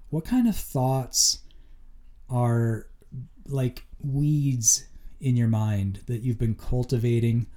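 An earnest man speaks in a relaxed, mellow tone, reflecting on his own experience in a loose, conversational way. His talk is casual and full of little fillers, like a personal monologue from a show he hosts. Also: medium pitch. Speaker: podcast host.

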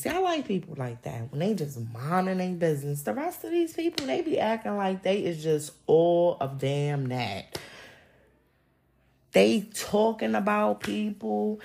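A woman, holding forth on her podcast. Her voice rises and falls in big animated swings, and she scolds her listeners in a blunt, slangy way. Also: medium pitch, breathy edge. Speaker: podcast host. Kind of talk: casual opinion monologue.

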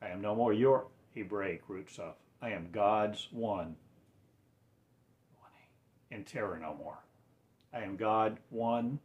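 In a rambling religious monologue, a man swings from quiet, low mutters to loud, raised declarations, often drawing his words out. He speaks slowly with long pauses, and the sound is lo-fi.

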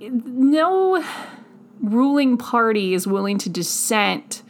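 A woman hosting a history podcast, animated and quick to laugh, reading old quotes aloud with sassy asides. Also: on the high side. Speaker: podcast host. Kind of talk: casual history podcast commentary.

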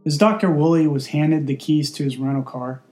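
A man narrating a story in a steady, deadpan way. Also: a little high, moderate pace, faint music behind.

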